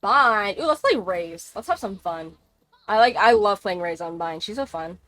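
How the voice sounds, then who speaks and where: A woman's voice: mid-range voice, lively intonation, normal speed, fairly bright tone, no room sound. A woman streaming a game live, chatting in a rambling, casual way and swearing freely. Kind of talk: casual gaming livestream chat.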